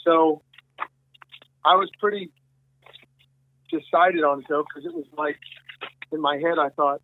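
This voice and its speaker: A man's voice: a little high, measured pace, long pauses, slight background noise. Chatty man on a tinny phone line. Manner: rambling, many restarts and quoted dialogue. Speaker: guest musician. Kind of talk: casual storytelling interview.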